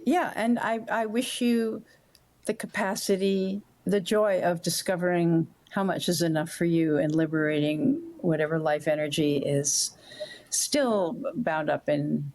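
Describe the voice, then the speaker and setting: An older woman, a guest author on a podcast interview, talking in a warm, roundabout storytelling way. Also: on the low side, steady tone, measured pace.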